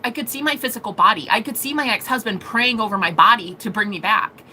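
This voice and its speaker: A young woman telling a personal story to camera in a casual, animated way, swearing and laughing often. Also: a little high, normal speed, long pauses, a little hiss or hum, rough recording. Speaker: vlogger.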